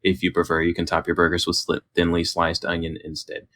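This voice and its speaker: A man co-hosting a podcast, running segments in a playful, lively way. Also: low voice, a little fast, no room sound. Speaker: podcast co-host. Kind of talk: casual chat.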